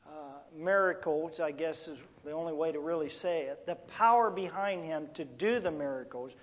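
A man's voice: fairly high pitch, moderate pace. A man preaching as a pastor, teaching unhurriedly with rhetorical questions and a few fillers and restarts. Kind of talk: sermon teaching. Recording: long echoey hall reverb.

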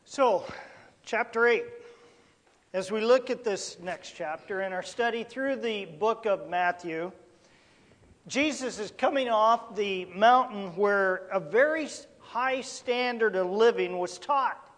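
A man's voice: sits high, slow, a bit bright. A man preaching as a pastor, teaching unhurriedly with rhetorical questions and a few fillers and restarts. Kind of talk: sermon teaching. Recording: long echoey hall reverb.

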